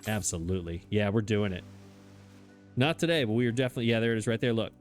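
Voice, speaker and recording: A man's voice: on the low side, quick pace, faint music behind. A man giving casual, self-mocking commentary as he plays a game, chatting and laughing at himself as he goes. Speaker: let's play host.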